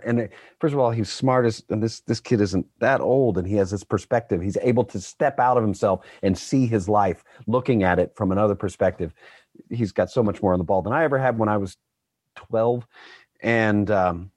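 Low-voiced male voice actor, dry sound. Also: moderate pace, a little mellow, no echo. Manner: storytelling, self-deprecating. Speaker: guest voice actor. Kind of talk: casual interview chat.

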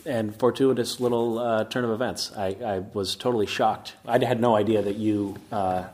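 A man's voice: on the low side, fairly even intonation, normal speed, a little mellow. A man being interviewed as a guest, talking with a dry, wry sense of humor. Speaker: guest actor. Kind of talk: casual interview chat. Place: castle.

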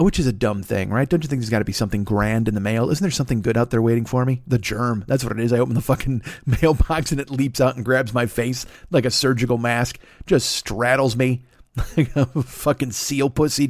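A man's voice: mid-range voice, steady tone, brisk, no echo, studio quality. A man in his fifties hosting a solo podcast from his desk at home, rambling and swearing through a late-night rant with many restarts. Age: 50s. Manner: rambling, profane, self-mocking, with many restarts and fillers. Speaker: podcast host. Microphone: plugged-in podcast microphone.

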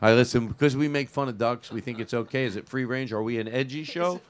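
A young man hosting a comedy podcast, riffing absurdly in a deadpan way with mock confessions. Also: mid-range voice, quick pace. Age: young adult. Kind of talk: improvised comedy banter.

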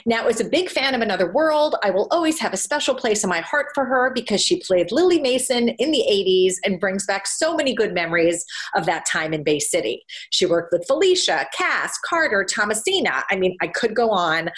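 A woman's voice: medium pitch, sing-song, a little fast, few pauses. A woman co-hosting a podcast interview in a friendly way, laughing easily. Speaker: podcast co-host.

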